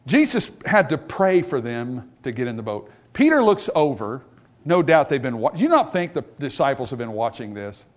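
A man preaching a revival sermon to a congregation in church, swinging from loud, rising passages to low, quiet ones and acting out small dialogues between characters. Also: very animated, normal speed.

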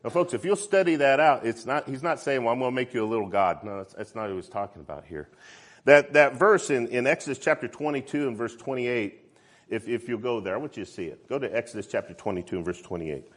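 A man preaches from the pulpit of a church, his voice sitting at an ordinary middle pitch. He keeps asking the congregation "amen?" and pushes up into loud, fervent stretches before dropping back to a quieter explaining tone. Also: animated, fast. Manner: calls out "amen?" often, rises to loud fervent peaks. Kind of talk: sermon.

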